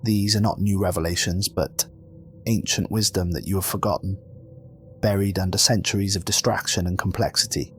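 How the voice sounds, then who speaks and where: A man voicing a calm, commanding archangel who speaks gently but with solemn, measured authority. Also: sits low, faint music behind, natural voice.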